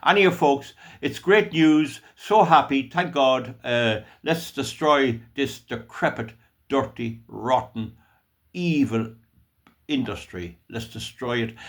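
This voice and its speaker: A man with a west of Ireland accent giving a blunt, scornful solo commentary on news articles for his channel. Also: mid-range voice. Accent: Irish, west of Ireland. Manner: blunt, scornful rant, mock-emotional jeering. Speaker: YouTube commentator.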